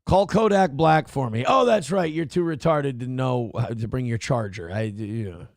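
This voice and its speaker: A man's voice: medium pitch, moderate pace, no echo, clean studio sound. A man hosting a morning show, giving crude, sarcastic commentary on a viral video. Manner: sarcastic, crude, mocking impressions. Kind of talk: mocking commentary on a viral clip.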